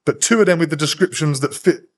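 Fast-talking, swearing English man. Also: a little high. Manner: swears constantly, rapid animated storytelling, acts out voices. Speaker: podcast guest. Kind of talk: casual storytelling interview.

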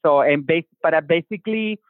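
A man with a Latin American Spanish accent and Spanish as his first language, talking about his music in a casual interview. He is animated, restarts his sentences often and acts out quotes. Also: on the high side, fairly quick, dry recording. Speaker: singer-songwriter guest. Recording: tinny phone-line call.

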